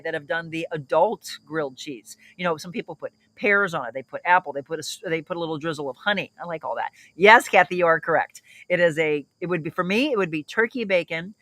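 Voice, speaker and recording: A woman's voice: on the low side, animated, quick pace, few pauses, a bit bright, no echo. A middle-aged woman hosting a casual livestream, chatting upbeat and reading out viewer comments. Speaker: livestream host.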